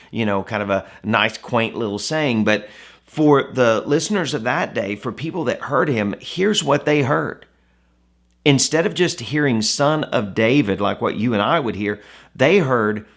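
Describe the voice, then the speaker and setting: A man's voice: on the low side, creaky, a bit bright. Conversational man giving a Bible devotional. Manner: conversational, asks the listener rhetorical questions. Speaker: devotional speaker.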